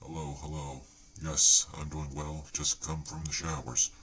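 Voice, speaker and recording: A man's voice: a bass voice, flat delivery, unhurried, sharp tone, husky, voice pushed down, full character voice. A man voicing a sleazy, boastful male ghost in a comedy bit, in a smug, leering tone. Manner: smug, leering, mock-casual. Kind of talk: comedy sketch voice via a spirit board.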